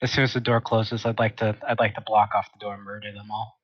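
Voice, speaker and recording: A young man playing a tabletop game, speaking in a calm, matter-of-fact way. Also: fairly low pitch, quick pace, breathy edge, dull audio. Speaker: player. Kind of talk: casual tabletop play.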